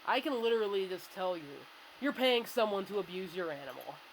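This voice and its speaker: A woman's voice: medium pitch, animated, a little fast. A woman co-hosting a podcast in casual chat, blunt and matter-of-fact. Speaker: podcast co-host. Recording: noisy with clear hiss.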